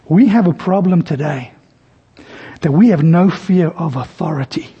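A man's voice: on the high side, lively intonation, normal speed, warm tone, slightly rough, highs cut off. A man preaching a sermon, telling stories and acting out the voices in them. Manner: storytelling, acts out voices in anecdotes. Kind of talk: sermon with illustrations.

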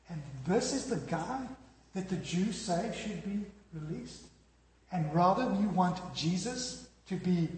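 A man preaching a sermon, telling the story dramatically and dropping from loud to hushed. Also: high-pitched. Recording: echoey hall with long reverb.

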